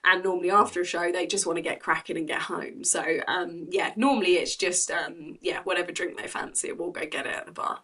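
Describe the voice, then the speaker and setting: A woman's voice: fairly low pitch, steady tone, fairly quick, hardly any pauses, a bit bright, breathy edge. A woman, a comedy promoter, chatting casually in an interview with frequent laughs and ums. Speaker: comedy club co-founder and promoter.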